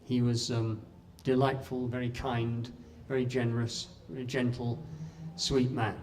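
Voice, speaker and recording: A man giving a talk in an impassioned storytelling way, with dramatic pauses. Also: medium pitch, flat delivery, far from the mic, noisy background. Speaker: speaker at a talk. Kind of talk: storytelling speech.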